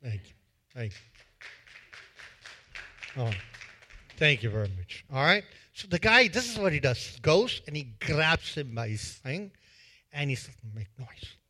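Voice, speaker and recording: A male pastor giving a sermon in a church, retelling a parable in an animated way and acting out its scenes with a volunteer. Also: on the high side, measured pace, pauses often. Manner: animated storytelling that acts out scenes.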